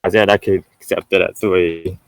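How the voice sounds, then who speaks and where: A man's voice: low-pitched, fairly even intonation, moderate pace, low-quality recording. A young man in a casual online debate, arguing back with questions and rambling points. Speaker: debate opponent.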